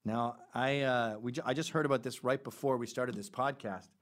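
A man's voice: medium pitch, steady tone, brisk. A middle-aged man hosting a podcast, talking in a rambling, irreverent, casual way. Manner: rambling, irreverent, jumps between topics. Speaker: podcast host.

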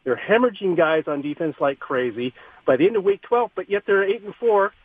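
A male caller on a sports radio show who argues fast and heatedly, heard over a phone line. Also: high-pitched, expressive, husky, no room sound. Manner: rapid ranting argument.

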